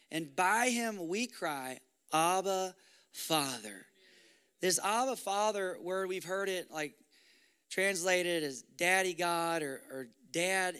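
Male pastor, young adult, preaching with fervor; high, bright voice. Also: clean tone. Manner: impassioned, rising to loud exhortation. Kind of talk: sermon.

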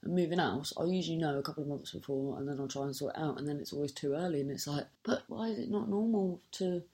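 A woman with a lowish voice and a lot of vocal fry tells a story in casual chat. She sounds exasperated, swears freely, and keeps cutting herself off mid-sentence. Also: fast, mellow.

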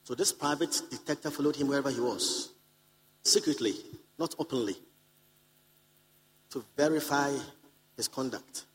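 A male preacher at a conference, speaking at a middling pitch. He drives each point home by saying it again and again. He keeps checking that the congregation is with him. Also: normal speed, long pauses, a little hiss or hum, low-quality recording. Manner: repeats key lines for emphasis; calls out to the congregation. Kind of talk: sermon to a live congregation. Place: conference hall.

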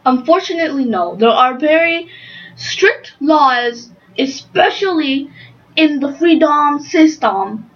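A woman playing a chatty young female unicorn in an improvised interview, earnest and a bit halting. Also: high voice, animated, dull audio. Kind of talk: improvised role-play interview.

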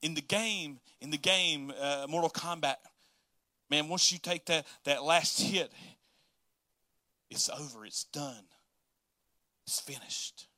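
Male preacher, slightly high, bright voice; casual, joking sermon delivery with stop-start repetitions. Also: slow, pauses often, dry recording, studio quality. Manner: casual, joking, repeats words as he restarts.

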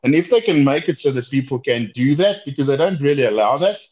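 A man's voice: mid-range voice, sing-song, fast, a little mellow, lo-fi sound. A South African man who makes knives, chatting casually and rambling a bit, with restarts and laughter. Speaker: knifemaker guest. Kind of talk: casual chat over a call.

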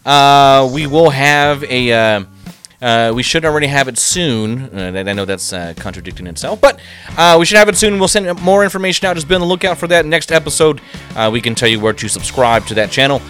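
A man hosting a podcast, signing off casually with many "uh" pauses. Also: medium pitch, lively intonation, a bit bright, faint music behind. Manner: halting, many "uh" fillers. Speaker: podcast host.

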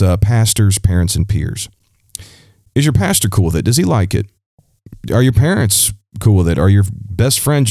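A man's voice: deep voice, mellow, dry recording, studio quality. A man hosting a Christian advice podcast, answering a listener's question in a conversational, preacherly way. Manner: conversational, preacherly, with frequent "you know" and restarts. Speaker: podcast host.

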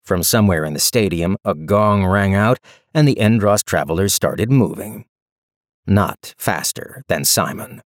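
A man narrating an audiobook in a measured, steady way. His voice is on the low side. The recording is dry and close, with no room sound. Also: dry recording.

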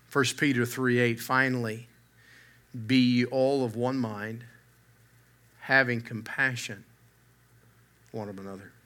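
A man's voice: medium pitch, bright, forceful tone. A man preaching a sermon from the pulpit, mixing humor with earnest emphasis that swells and drops. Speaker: pastor.

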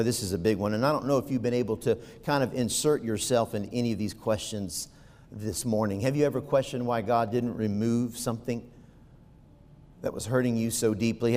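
A man preaching a sermon, firing rhetorical questions at the congregation and swinging from quiet asides to loud, fervent peaks. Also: medium pitch, big-room sound.

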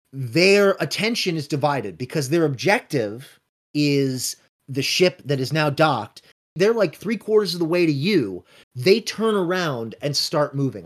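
A man running a tabletop role-playing game, narrating scenes and calling rolls in a brisk, matter-of-fact way. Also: fairly high pitch. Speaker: game master.

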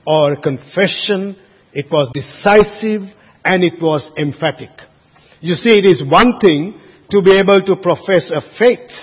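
A man with a high, husky voice preaches a sermon as pastor in a church sanctuary, earnest and emphatic, often restarting and tossing casual asides to the congregation. The recording is dull and lo-fi, with long church reverb.

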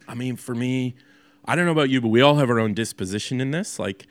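A man's voice: mid-range voice, fast talker, no echo. A man preaching a sermon as a pastor in a loose, conversational way, with many fillers and restarts.

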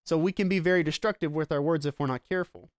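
A man preaching a sermon in an earnest, explanatory way, slowing down to stress his key points, a parent himself. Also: a little high, clear, resonant tone, no room sound, studio quality. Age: adult with children. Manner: earnest, explanatory, slows down for emphasis. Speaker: pastor.

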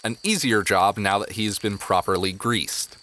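A man narrating as game master of a tabletop game, in relaxed, playful storytelling. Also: fairly low pitch, normal speed, slight background noise.

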